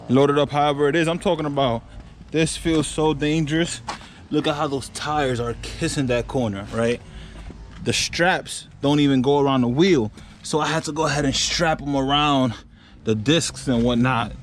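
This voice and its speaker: A young car vlogger, out of breath, chats casually to camera outdoors beside his truck and garage, loose and rambling with fillers. His voice is medium-pitched, with a little hiss or hum in the recording.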